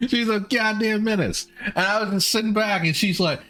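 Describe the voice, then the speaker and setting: A man hosting a stream, telling a story in a rambling, animated way with frequent laughs. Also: sits high, normal speed. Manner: animated, rambling, laughing often, swearing casually. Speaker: podcast and stream host. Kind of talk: casual storytelling chat. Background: faint background music.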